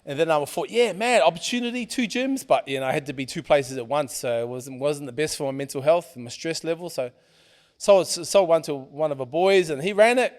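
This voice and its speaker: A middle-aged man, a podcast guest, telling stories in a casual, animated way and swearing freely. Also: on the high side, brisk. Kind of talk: casual storytelling.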